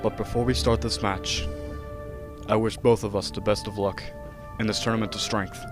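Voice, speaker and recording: A man voicing an earnest male barbarian fighter, slow and halting. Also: fairly low pitch, little pitch movement, over music, close to an everyday voice.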